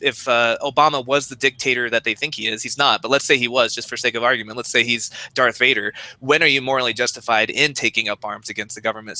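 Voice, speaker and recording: A man co-hosting a podcast in casual chat, speaking in a measured, reflective way. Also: mid-range voice, pushed and bright, no echo, poor audio. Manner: measured and reflective, weighs both sides. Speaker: podcast co-host.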